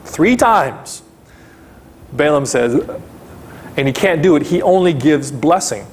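A male pastor delivers a sermon in a slightly high voice. He speaks slowly and with emphasis, repeating phrases and climbing into louder bursts on key words.

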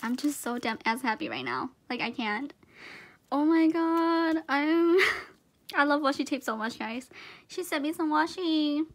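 A woman filming a casual unboxing vlog at home on a tripod camera, excitable and gushing, with lots of exclamations and laughter. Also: high-pitched, moderate pace. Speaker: vlogger.

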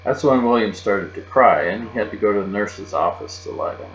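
A man reading a children's chapter book aloud, expressive and lively in a child's first-person voice. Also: fairly low pitch, a little fast, soft background music. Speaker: reader. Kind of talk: storybook read-aloud. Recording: muffled, roomy recording with mains hum.

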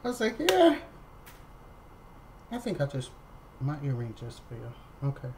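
Her voice is very deep, sing-song and mellow, and she talks fairly quickly over slight background noise in a rough recording. She's a woman vlogger at home telling the camera a casual story, chatting, repeating herself and addressing viewers as y'all.

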